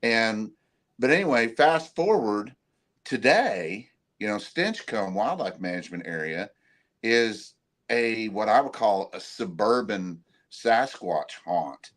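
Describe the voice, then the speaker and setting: A man from Oklahoma, a guest cryptid investigator, telling stories in a relaxed, rambling way. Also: on the low side, takes it slowly. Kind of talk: casual storytelling.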